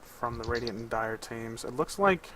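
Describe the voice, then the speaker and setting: A man's voice: medium pitch, lively intonation, moderate pace, a crowd in the background, low-quality recording. A man co-commentating an esports draft, analytical and a bit hesitant, thinking aloud as he talks. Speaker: co-caster.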